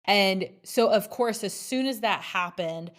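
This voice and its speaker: A woman's voice: medium pitch, measured pace, a bit bright. A woman in her thirties hosting a solo podcast, telling a personal story in a frank, chatty way with lots of "like" fillers. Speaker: podcast host. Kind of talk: candid solo podcast monologue.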